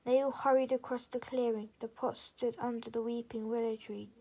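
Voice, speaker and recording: A woman reading a children's chapter book aloud as storyteller, steady with small slips. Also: fairly high pitch, normal speed, husky, low-quality recording.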